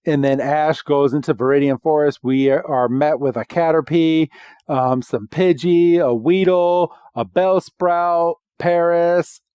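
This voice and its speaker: A man co-hosting a podcast and casually recapping a cartoon episode, with animated storytelling full of voiced quotes. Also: on the high side, measured pace, clean tone, no echo, dull audio. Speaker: podcast co-host.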